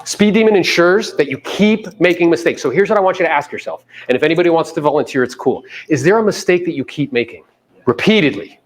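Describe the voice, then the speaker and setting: A man coaching a live audience in a meeting room, animated and casual, sometimes coarse, often acting out other people's voices. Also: fairly high pitch, quick pace. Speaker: real estate coach. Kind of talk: live seminar talk to an audience.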